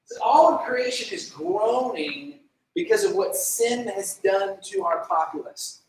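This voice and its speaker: This youth pastor has a high, animated voice but takes an unhurried pace, recorded from far off in an echoey room. His casual sermon is conversational and heavy on "like," with questions thrown to the room and prayers acted out in little voices.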